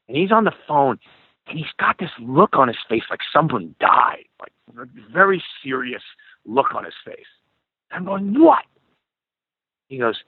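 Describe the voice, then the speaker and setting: A middle-aged man spinning a story, and he jumps into the voices of the people in it. His voice sounds husky and comes over a thin, phone-like line with no room sound around it. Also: a little high, dry recording. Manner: animated storyteller, acts out quoted dialogue. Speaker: guest musician. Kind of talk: storytelling in a podcast interview. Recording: tinny phone-like call audio.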